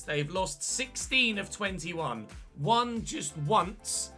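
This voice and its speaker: A young man with a high, bright voice commentates on a football video game, chatty and quick to correct himself. He narrates the action like a match commentator over faint game music. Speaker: gaming channel host. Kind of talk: casual let's-play commentary.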